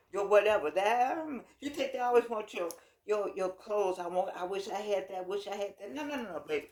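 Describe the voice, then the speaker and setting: An older woman with a Southern drawl talks straight to her viewers in a loose, homespun way. She wanders off on tangents and laughs along the way, with a voice of ordinary pitch for a woman. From United States. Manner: chatty, folksy, digressing, with laughs. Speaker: vlogger. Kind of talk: casual talk to camera.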